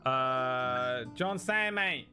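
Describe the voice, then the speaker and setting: A man's voice: mid-range voice, animated, extremely slow, sharp tone, soft background music. A man running a tabletop game, signing off a livestream in loose, joking chat. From outside America. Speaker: game master.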